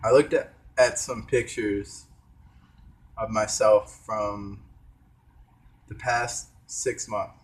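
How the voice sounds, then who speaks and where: A man's voice: on the low side, steady tone, takes it slowly, long pauses. A young man vlogging in a rambling, hesitant casual monologue, talking while eating with his mouth full. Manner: hesitant, trailing off, many fillers.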